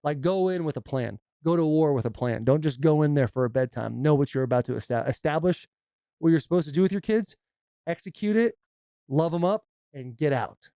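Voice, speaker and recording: Man in his thirties, podcast co-host, gravelly, dark-toned, dry close sound, animated stories. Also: on the high side, brisk, dry recording. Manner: animated storytelling with acted-out quotes. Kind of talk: casual chat.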